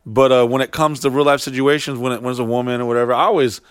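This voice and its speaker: A man and touring artist telling backstage stories in casual chat, profane and animated, putting on high mocking voices when he quotes people. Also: rapid-fire, smooth, no echo, clean studio sound. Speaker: touring artist, podcast co-host.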